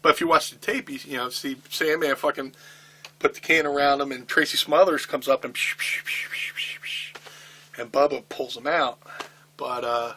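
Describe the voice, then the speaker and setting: A man's voice: medium pitch, moderate pace. A middle-aged man telling a candid, profane backstage story in an interview, acting out what people said. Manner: profane, animated storytelling with acted-out quotes.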